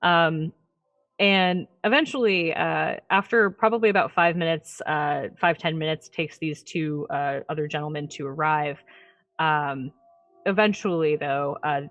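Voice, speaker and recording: Chatty woman game master, lowish voice, dry sound. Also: unhurried, a bit bright, dry recording, lo-fi sound, soft background music. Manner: chatty, laughing, many fillers. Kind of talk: narrating a tabletop game.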